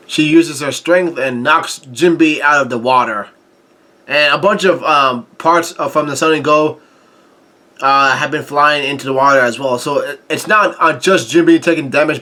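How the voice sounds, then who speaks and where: A man's voice: medium pitch, bright, forceful tone. A man recapping and reading a comic chapter aloud, often stopping, restarting and adding his own remarks along the way. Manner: halting, with frequent restarts and fillers. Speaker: manga reviewer.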